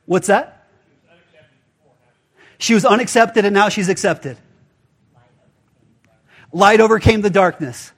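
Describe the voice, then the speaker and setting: A man with a high voice preaching in a loose, conversational way. He talks to the congregation like friends and slips into little acted-out voices for the people in his stories. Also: slow pace, long pauses, slightly rough. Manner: casual and animated, acts out quoted voices. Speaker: pastor. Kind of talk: conversational sermon.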